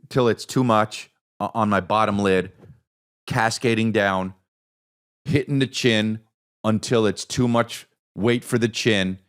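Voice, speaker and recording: A man hosting a podcast who tells a story in a casual, animated, profane way and acts out the voices of the people in it. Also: on the low side. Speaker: podcast host.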